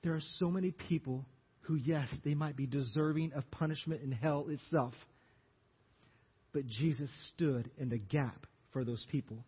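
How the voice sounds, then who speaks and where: A man preaching a sermon as pastor, telling the story dramatically and acting out the crowd's shouts. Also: fairly high pitch, moderate pace, husky. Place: church sanctuary. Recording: dull reverberant church recording.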